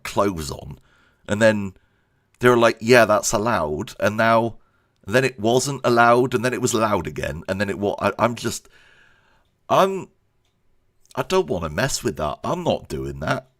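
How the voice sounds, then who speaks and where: Low slow guy rambling through a channel update, laughs a lot at himself. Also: sing-song, a bit bright. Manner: rambling, self-deprecating, laughs often. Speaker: YouTube creator. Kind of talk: casual channel update chat.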